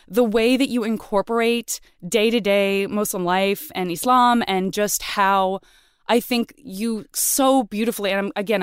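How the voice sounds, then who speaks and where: Podcast host, woman, effusive and emotional, smooth tone, dry mic. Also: medium pitch, dry recording. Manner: gushing, emotional, lots of "like" fillers. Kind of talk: casual interview chat.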